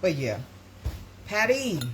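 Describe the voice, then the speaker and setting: A woman's voice: mid-range voice, sing-song, takes it slowly. Brief: middle-aged woman, rambling live-stream host, chatty, noisy home recording. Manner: chatty, rambling, talks to viewers as y'all. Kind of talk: casual live-stream chat.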